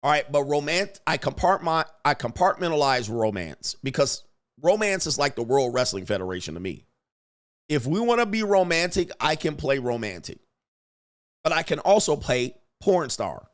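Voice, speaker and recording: A male host talks in a loose, crude livestream rant, boastful and full of swagger. His voice sits a bit higher than most men's, and he sounds cocky and unfiltered throughout. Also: big pitch swings, moderate pace. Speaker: show host.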